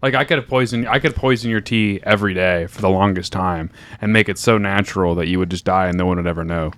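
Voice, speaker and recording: A young man hosting a casual podcast chat, rambling and teasing in a deadpan way. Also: deep voice, fast talker, smooth. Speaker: podcast host.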